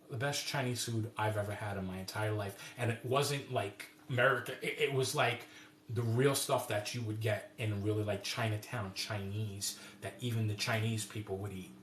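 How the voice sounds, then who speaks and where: A man with a lowish voice hosts a casual cooking live stream, rambling warmly through stories and restarting often. There's slight background noise, and the room sounds roomy and echoey.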